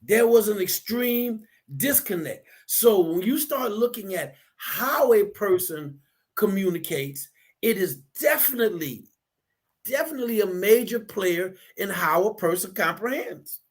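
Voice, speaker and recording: Animated high-voiced man telling stories. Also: a little slow, husky. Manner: animated storyteller, acts out quotes. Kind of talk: casual conversational talk.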